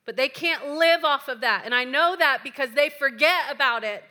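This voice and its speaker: A woman's voice: sits high, moderate pace, pushed and bright. A woman pastor preaching a sermon in a chatty, playful way with joking asides. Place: church.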